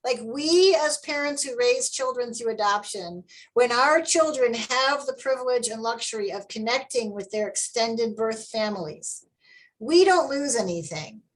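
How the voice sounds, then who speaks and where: Brief: woman host, higher pitch, eager chatty interviewer. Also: measured pace, poor audio. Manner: enthusiastic, animated when quoting herself. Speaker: interviewer, adoptive parent. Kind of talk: conversational webinar interview.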